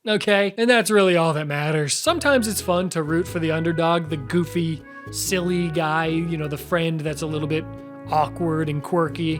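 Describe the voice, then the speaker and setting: A man's voice: on the high side, moderate pace, soft background music. A young man hosting a comedic commentary video, talking straight to the viewer in a sarcastic, jokey way. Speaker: YouTube host.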